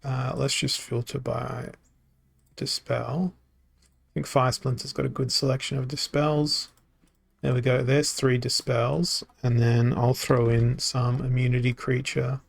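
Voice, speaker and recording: A man streaming a card game, thinking aloud in a halting, self-mocking way, his voice tired and worn from talking. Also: mid-range voice, gravelly. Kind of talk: casual live-stream commentary.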